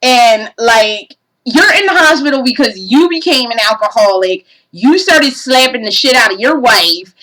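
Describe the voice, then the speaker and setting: A woman's voice: fairly high pitch, expressive, moderate pace, pushed and bright, low-quality recording. A woman giving a casual game review, profane and exasperated, ranting animatedly.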